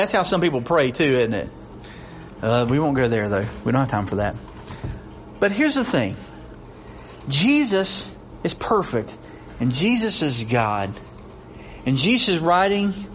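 A man's voice: fairly high pitch, slight background noise. A man preaching a sermon, reading scripture with rising intensity and pressing his points through repetition. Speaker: pastor. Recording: dull lo-fi recording with faint ambience.

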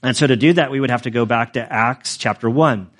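A male pastor giving a sermon in a relaxed, conversational way, with prayers and a personal story. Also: mid-range voice, fairly quick. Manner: conversational, storytelling with self-corrections.

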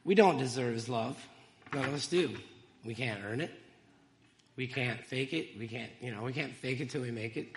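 Gravelly-voiced man giving a church testimony. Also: medium pitch, long reverb tail, slight background noise. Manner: emotional, halting, with fillers and laughs.

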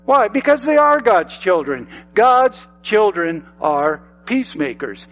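A man's voice: sits high, sing-song, takes it slowly, fairly bright tone, highs cut off, soft background music. An older man preaching a sermon as pastor, emphatic and repeating phrases for effect.

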